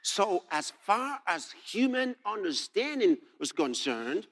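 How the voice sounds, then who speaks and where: Male preacher, high expressive voice, animated sermon delivery that swells to shouting. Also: takes it slowly. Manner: animated, rising to shouts when reading scripture; explains verse by verse, asks "All right?" and "Okay?".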